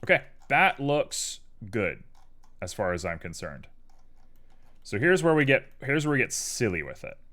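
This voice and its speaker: A man's voice: mid-range voice, very animated, a little slow, fairly bright tone. A man live-streaming his 3D art work, chatting casually and playfully with viewers while he works. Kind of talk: casual chat while working.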